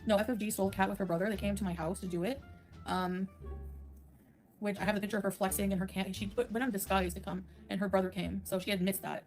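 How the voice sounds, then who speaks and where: A woman's voice: mid-range voice, flat delivery, quick pace, darkish tone, faint music behind. A woman on a casual livestream, ranting bluntly and sarcastically and laughing often.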